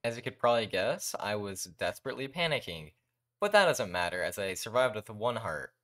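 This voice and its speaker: Jumpy bright-voiced young man gaming. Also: lowish voice, sing-song, brisk. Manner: jumpy, talks to himself and viewers, yelps when scared. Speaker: gaming YouTuber. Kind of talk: Minecraft let's play commentary.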